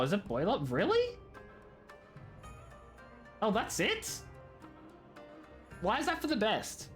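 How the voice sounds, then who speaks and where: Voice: medium pitch, fairly bright tone. A streamer in their late twenties chatting casually with viewers, ranting and mocking themselves, swapping swears for "fudging". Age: 20s. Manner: talks to chat by name, self-mocking. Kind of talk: casual live-stream chat while gaming.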